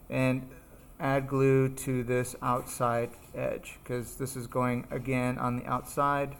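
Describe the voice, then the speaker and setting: A man's voice: medium pitch, level tone, takes it slowly, creaky, slight background noise. Chatty man demonstrating a craft. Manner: chatty, thinking aloud while working. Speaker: art instructor. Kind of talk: live classroom demonstration.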